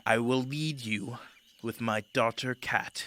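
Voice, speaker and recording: A man voicing a weary male lion king who speaks slowly and gravely. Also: medium pitch, pushed and bright. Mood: stern. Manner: slow, sighing and grave.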